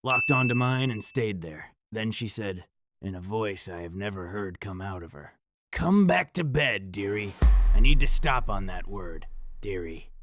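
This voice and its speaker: A man narrating a first-person horror story in a dramatic, measured delivery. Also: low-pitched, music in the background.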